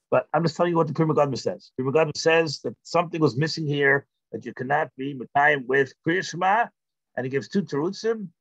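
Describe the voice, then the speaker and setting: A man, a rabbi, teaching a text-study class, thinking aloud with halting restarts and filler sounds. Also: medium pitch, a bit bright, no room sound, lo-fi sound.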